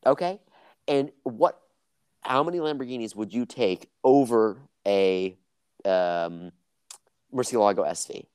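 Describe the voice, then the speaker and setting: A man's voice: lowish voice, unhurried, long pauses, darkish tone, clear, resonant tone, no room sound. Young guy on a podcast, teasing his buddy, dry close sound. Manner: teasing, quizzing his friend. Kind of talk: casual chat.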